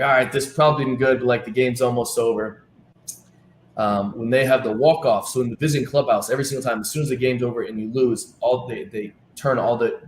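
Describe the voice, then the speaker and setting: In a casual interview, a guest who is a team travel director spins animated anecdotes, acting out the dialogue in them. His voice is mid-range. Slight background noise and faint ambience come through in the echoey room.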